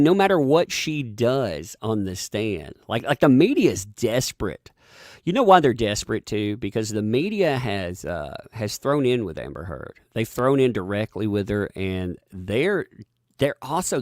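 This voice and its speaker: A man's voice: mid-range voice, a little mellow, no room sound, studio quality. A man hosting a live-stream, chatting sarcastically with frequent laughs and reading out viewer donations.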